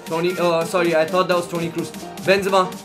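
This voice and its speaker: A young man with a high-pitched voice talks through a football game, chatty and loose until the play turns and he starts shouting at the screen. Faint music plays underneath. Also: quick pace. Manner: excitable, yells at the game, says "bro" and "man" a lot. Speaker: gaming YouTuber. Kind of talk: casual gameplay commentary.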